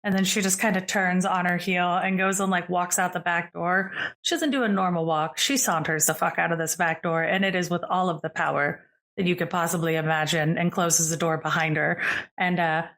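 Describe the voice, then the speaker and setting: A woman's voice: on the low side, steady tone, a little fast, a bit bright. A woman narrating as game master in a casual, chatty storytelling manner.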